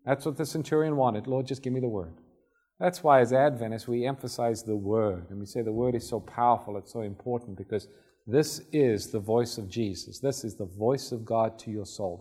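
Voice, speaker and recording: Male preacher, relaxed storytelling sermon delivery, acts out scenes. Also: medium pitch. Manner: conversational, acts out Bible scenes.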